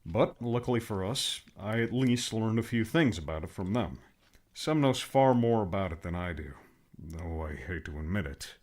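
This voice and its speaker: A man's voice: lowish voice, lively intonation, normal speed, a little mellow. A man voicing a patient, fussy friend who explains things and mildly scolds. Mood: explaining.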